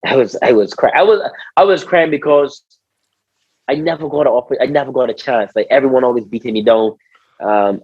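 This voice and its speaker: Husky Barbadian man telling stories. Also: medium pitch, fairly quick, dry recording. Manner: animated, repeats words, acts out quotes, says "bro". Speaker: guest, former cricketer. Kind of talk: casual storytelling interview. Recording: slightly dull, dry podcast audio.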